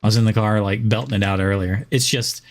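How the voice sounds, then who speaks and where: He talks quickly in a fairly low, steady voice, a Southern US man lacking any Southern accent. His casual gaming stream chatter rambles, with frequent chuckles and plenty of fillers.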